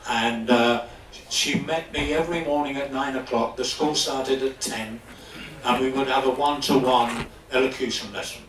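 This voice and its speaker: An older man from London, an actor telling anecdotes on stage with animated delivery and frequent laughs. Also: medium pitch. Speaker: guest actor. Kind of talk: live stage storytelling. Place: stage in a club hall before an audience. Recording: echoey hall, distant mic.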